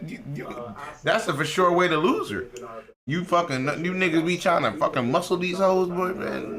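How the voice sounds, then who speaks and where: A man's voice: on the high side, a little fast, crowd noise. A man live-streaming while trading stocks, talking in a casual, profane and rambling way.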